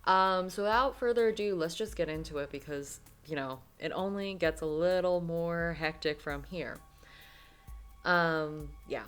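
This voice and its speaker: A young woman with a fairly low voice plays through a story game, reading its text and drifting into rambling comments. She talks casually with many fillers. Faint music plays underneath. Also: a little slow, a bit bright, smooth. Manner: chatty, lots of fillers, trailing asides. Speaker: game streamer.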